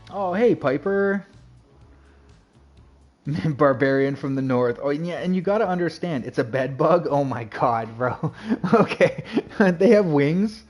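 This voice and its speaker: Chatting casually while he games on stream, this man rambles, says hello to viewers and leans on "like" and "you know." His voice sits on the high side, expressive and darkish in tone, at a moderate pace, with faint music in the background.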